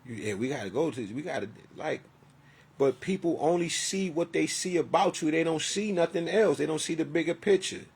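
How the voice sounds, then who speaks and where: Gravelly husky guy in his 40s, rambling and cussing, pouring his heart out on a vlog. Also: on the high side, fairly quick, darkish tone. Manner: rambling, profane, heartfelt storytelling. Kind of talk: emotional personal monologue.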